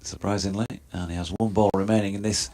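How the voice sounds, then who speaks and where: A man giving measured ball-by-ball cricket commentary, describing each delivery in detail. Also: sits low, steady tone, mellow.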